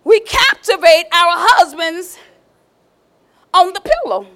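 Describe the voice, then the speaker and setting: A woman's voice: extremely high pitch, lively intonation, slow pace, fairly bright tone. A woman preacher delivering a sermon, emphatic and calling out to the congregation.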